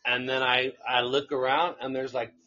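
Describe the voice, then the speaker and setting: A man's voice: mid-range voice, little pitch movement, normal speed, sharp tone, muffled recording. A man casually telling a rambling story on a live stream, swearing freely and laughing along the way. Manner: profane, rambling anecdote with laughs.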